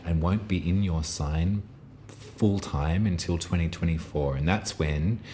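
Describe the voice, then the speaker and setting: Low, soothing man giving a tarot reading. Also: slight background noise. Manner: soft, reassuring and meandering, with many pauses and restarts. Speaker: tarot reader. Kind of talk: intuitive tarot reading monologue.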